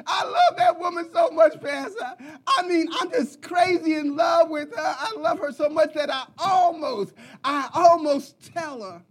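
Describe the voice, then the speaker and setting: A man voicing a lovestruck husband who gushes to his pastor in an excited, near-shouting way. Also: very high voice, a little slow, pitched above the performer's own voice. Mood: gushing. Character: lovestruck husband, gushing, over-the-top.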